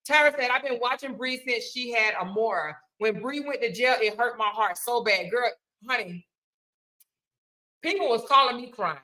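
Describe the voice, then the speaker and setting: Woman, livestream host, casual chat, reads comments, bright forceful voice. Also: a little high, poor audio. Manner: chatty, reads and thanks viewers' comments.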